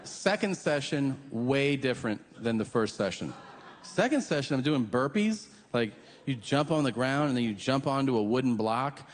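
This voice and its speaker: A man doing a stand-up comedy set, telling stories deadpan and acting out both sides of the conversations. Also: mid-range voice, normal speed. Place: comedy club stage. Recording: live club stage mic, long hall reverb, audience noise.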